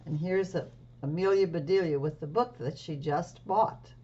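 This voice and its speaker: A woman reading a storybook aloud to children, explaining gently as she goes. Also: on the low side, normal speed, dull audio, a little hiss or hum.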